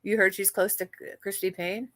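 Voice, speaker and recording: A woman's voice: medium pitch, flat delivery, moderate pace, a bit bright, dry recording. A woman hosting a livestream, chatting casually and gossiping with viewers, swearing freely and often restarting her sentences. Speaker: livestream host. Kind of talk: casual chat with live viewers.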